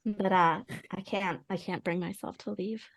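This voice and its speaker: A woman playing a reclusive young woman who confides gently and reluctantly in a tabletop game. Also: medium pitch, steady tone, moderate pace, dry recording, clean studio sound, close to an everyday voice. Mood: confiding. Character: reclusive young woman Claire, a social media poster.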